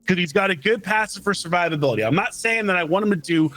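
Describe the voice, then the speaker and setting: A man's voice: high-pitched, fast talker, a bit bright, low-quality recording. A man co-hosting a casual gaming chat, passionate and insistent about his opinions. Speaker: co-host of gaming channel.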